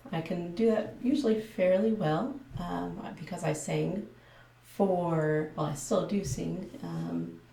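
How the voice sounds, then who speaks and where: Texan woman, ASMR vlogger, careful soft delivery, slightly distant mic in an echoey room. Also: fairly low pitch, gravelly, slight background noise. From Texas. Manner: soft, careful, hesitant with many ums. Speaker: ASMR creator. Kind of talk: casual talk to camera.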